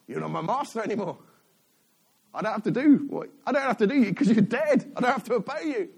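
A man voicing a crowd of complaining ancient Israelites, loud, whiny and exasperated. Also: sits high, animated, quick pace, gravelly, slightly rough, pitched above the performer's own voice, full character voice. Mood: defiant.

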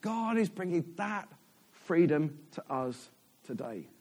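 A man's voice: on the high side, big pitch swings, takes it slowly, darkish tone. A man, a church elder, giving a chatty, self-deprecating sermon in a church.

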